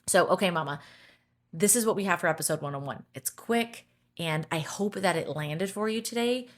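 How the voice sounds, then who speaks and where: Woman in her 30s doing a solo fitness podcast, upbeat and encouraging, kinda low voice. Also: normal speed. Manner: encouraging, upbeat, says "okay?" often. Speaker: podcast host, fitness coach.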